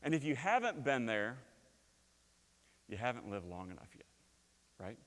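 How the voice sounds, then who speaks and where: Animated pastor preaching in a reverberant hall. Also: male voice, medium pitch, normal speed. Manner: animated storytelling, shouting quoted lines, dropping to quiet. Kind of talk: sermon. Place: church sanctuary.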